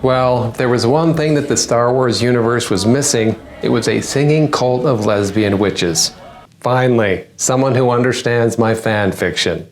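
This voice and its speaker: A man's voice: medium pitch, a little slow, slight background noise. Guy doing sarcastic comedy news, punchline after punchline, regular mid voice. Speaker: comedian hosting a news-parody segment. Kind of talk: satirical news monologue.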